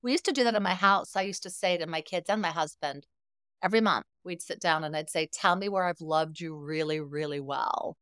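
A woman's voice: fairly low pitch, fairly quick, fairly bright tone, clear, resonant tone, dry recording, clean studio sound. A middle-aged woman guest on a podcast, telling stories expressively and acting out quoted dialogue. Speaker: guest, therapist. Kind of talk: podcast conversation.

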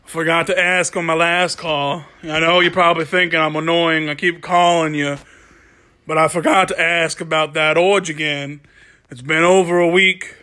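Comedy voicemail sketch: a man playing a bright, high-ish, persistent male caller who rambles and won't take a hint. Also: level tone, normal speed. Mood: pestering. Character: pushy, oblivious male caller leaving a voicemail.

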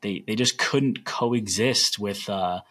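A man's voice: fairly low pitch, slow, a bit bright. A young man hosting a solo podcast, telling stories in an earnest, rambling way. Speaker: podcast host.

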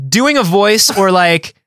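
A man's voice: high-pitched, big pitch swings, drawn-out words, pushed and bright, no room sound, studio quality. A man co-hosting a comedy podcast in casual chat, talking in loose, rambling sentences full of fillers. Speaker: podcast co-host.

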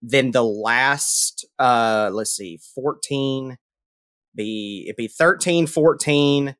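A man's voice: mid-range voice, drawn-out words, no room sound, studio quality. Mock-dramatic joking male podcast host. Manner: animated, jokey and mock-dramatic. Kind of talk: casual chat.

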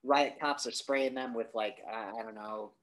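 A man co-hosting a podcast, casually recapping a movie in a rambling, profane way and acting out lines in high voices. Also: steady tone, normal speed, a bit bright. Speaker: podcast co-host.

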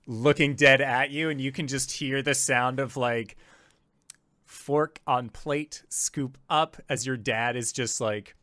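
A man's voice: mid-range voice, steady tone, takes it slowly, pushed and bright, no echo, studio quality. A man narrating as game master of a tabletop game, rambling with lots of fillers.

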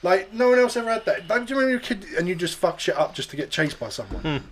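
This young man rattles off crude, rambling anecdotes with heavy swearing. His voice sits a little high for a man. He keeps breaking into goofy impressions as he tells the story. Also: expressive, quick pace. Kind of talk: crude casual banter.

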